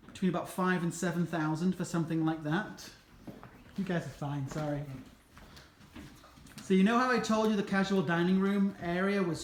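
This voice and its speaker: A man working as a realtor, chatting casually as he walks through a show home and points out its features. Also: high-pitched. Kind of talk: casual walkthrough home tour. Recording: echoey empty rooms, faint background noise.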